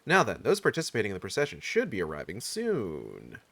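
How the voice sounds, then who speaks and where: A man's voice: lowish voice, wildly swooping pitch, fairly quick, vocal fry, bright, forceful tone, voice pushed down, full character voice. A man reading game dialogue aloud, voicing a courtly official who speaks in a formal, old-fashioned way. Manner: stately, archaic phrasing.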